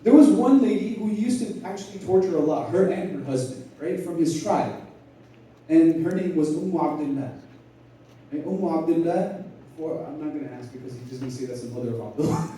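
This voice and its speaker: Brief: male lecturer, lively storyteller, dark mellow voice, roomy hall sound from a distance. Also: on the high side, fairly quick. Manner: animated storyteller, acts out dialogue, laughs often. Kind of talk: lecture retelling history in casual slang. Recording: echoey hall, mic at a distance.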